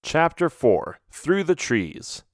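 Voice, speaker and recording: A man narrating a children's audiobook in an expressive, first-person storytelling manner. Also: a little high, slow, no echo, clean studio sound.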